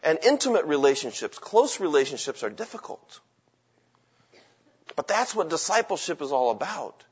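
A man's voice: fairly high pitch, big pitch swings, normal speed, breathy edge, highs cut off. A man preaching a sermon in an emphatic way, asking the congregation rhetorical questions. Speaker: pastor.

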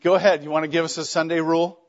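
A middle-aged man leads a classroom discussion in a relaxed, joking lecture style, his voice sitting a little high. The recording is dull and lo-fi, as if captured on a basic mic in the room. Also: very fast. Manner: conversational, wry and joking. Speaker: teacher.

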